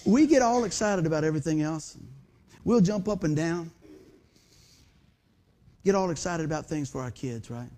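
Middle-aged male pastor, high voice that swings all over, animated folksy sermon. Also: normal speed, long pauses. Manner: animated folksy preaching with rhetorical questions.

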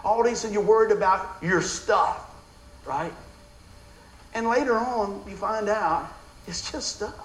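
A middle-aged man preaching a sermon, telling stories in an animated way with frequent laughter. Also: high-pitched, unhurried, pauses often. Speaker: pastor. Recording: echoey room with faint background noise.

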